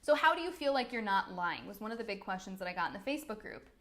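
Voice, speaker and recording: A woman's voice: medium pitch, sing-song, fast, fairly bright tone. A young woman, a business coach, giving an upbeat, chatty talk full of "like"s. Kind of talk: live-streamed coaching talk.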